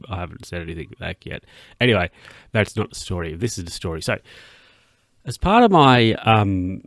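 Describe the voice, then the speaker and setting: A young man rambles through a casual solo podcast, restarting his sentences and chuckling between thoughts. His voice sits low and carries a gravelly fry. The room around him sounds dry and close, and he yawns now and then as he talks. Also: lively intonation, moderate pace, no room sound. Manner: rambling, self-interrupting, chuckling, voices his own thoughts in a high put-on tone. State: yawning. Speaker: podcast host.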